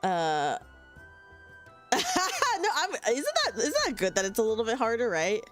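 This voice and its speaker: A woman's voice: a little high, huge pitch swings, unhurried, a bit bright, soft background music. A young woman live-streaming a game, chatting casually and giggly with her viewers. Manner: chatty, giggly, talks to chat with many restarts. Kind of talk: casual live-stream chat while playing.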